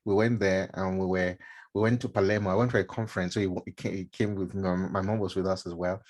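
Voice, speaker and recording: A deep, darkish voice belongs to this middle-aged Nigerian mentor, who talks at a quick pace with fairly even intonation. His casual live stream talk is chatty, full of fillers and words said twice.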